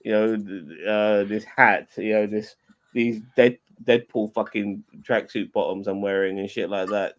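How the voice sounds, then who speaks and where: A man's voice: on the low side, fairly even intonation, measured pace. Rambling, swearing British-sounding man. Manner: rambling, swears a lot, repeats words. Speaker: streamer. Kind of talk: casual chat.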